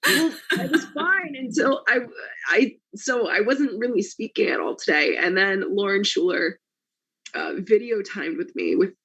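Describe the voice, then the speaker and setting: A man whose voice is nearly gone talks casually over a video call. His tone sits high and gravelly, with a breathy, husky edge, and he rambles through restarts while poking fun at himself. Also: fairly bright tone. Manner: rambling, self-mocking, trailing restarts. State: hoarse, losing voice. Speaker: cast member on a video call. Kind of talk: casual chat.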